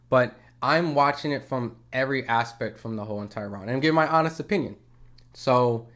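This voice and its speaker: A man's voice: medium pitch, fairly bright tone. A man commenting on a boxing match in a livestream. He talks casually, swears, and argues with viewers' comments. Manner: conversational, profane, argumentative.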